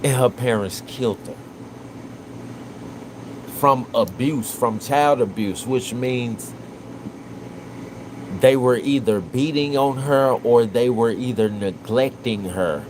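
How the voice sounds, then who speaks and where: A man's voice: mid-range voice, takes it slowly, long pauses, noisy background. A man, live-streaming emotional commentary and talking earnestly and repetitively to his chat.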